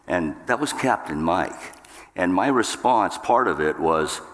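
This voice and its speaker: A pastor preaches to his congregation in a church sanctuary, emphatic and funny, leaping up in pitch for acted outbursts. His fairly bright voice has lively intonation and a measured pace, carried by long hall reverb.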